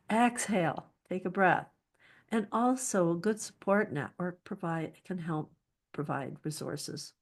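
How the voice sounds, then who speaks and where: Woman w a lowish voice giving earnest advice, restarts a lot, talk on feeling safe. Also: a little slow. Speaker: speaker. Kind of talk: talk on psychological safety.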